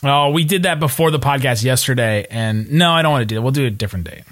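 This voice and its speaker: A man hosting a casual sports podcast, joking and relaxed as he chats with his co-host. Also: mid-range voice. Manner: joking, relaxed, quick asides.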